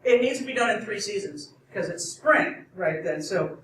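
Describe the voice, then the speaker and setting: A woman's voice: mid-range voice, animated, normal speed, a bit bright, slight background noise, natural voice. Woman quoting tight-fisted gods, blunt terms, far off in a roomy space. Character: stingy Norse gods laying down terms. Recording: echoey room from far off.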